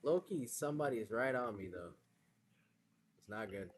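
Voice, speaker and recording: A man's voice: lowish voice, lively intonation, normal speed, a little hiss or hum. A man streaming a racing game, chatting casually with slang and frequent laughs. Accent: West African English on the phone call. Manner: laid-back slangy banter, laughs often. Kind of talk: casual gaming stream chat.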